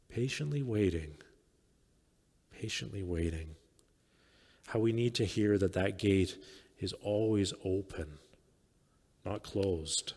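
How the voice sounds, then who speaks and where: A man preaching a sermon as pastor, speaking reflectively, often letting phrases fade quietly. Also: mid-range voice. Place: church sanctuary. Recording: long church reverb.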